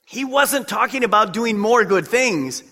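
Lively, bright-voiced male preacher in reverb. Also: sits high, unhurried. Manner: emphatic, conversational preaching with direct appeals to listeners. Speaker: pastor. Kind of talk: sermon. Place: church sanctuary. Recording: long reverb of a large church hall.

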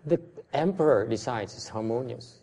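A man whose first language is Vietnamese teaches a class, questioning his listeners bluntly. His voice sits at a middle pitch. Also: lively intonation, moderate pace, dark tone. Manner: blunt, questioning, switches between English and Vietnamese. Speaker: Buddhist teacher.

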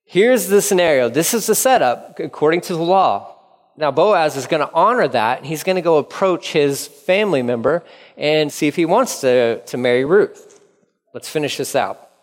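A man giving a casual Bible-teaching sermon, lively and jokey, acting out the people in the story. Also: on the high side, big-room sound. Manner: animated, jokey, acts out quoted characters. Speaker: pastor teaching.

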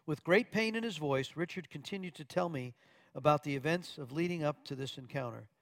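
A man's voice: on the high side, a little fast, gravelly, no echo. A man preaching from Arkansas, earnestly telling a testimony story with quoted dialogue and occasional stumbles.

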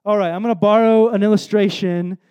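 High-voiced earnest male preacher. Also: steady tone, a little fast, a little mellow, smooth, lo-fi sound. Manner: earnest, conversational, self-deprecating asides. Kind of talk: sermon.

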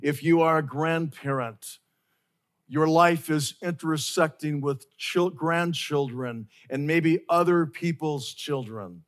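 Male pastor, slightly high voice, slow and earnest sermon delivery that repeats key phrases.

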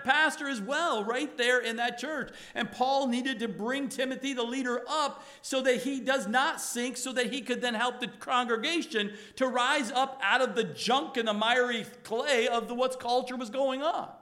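A male pastor preaching a sermon to his congregation, emphatic and rising to loud exhortation. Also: very high-pitched.

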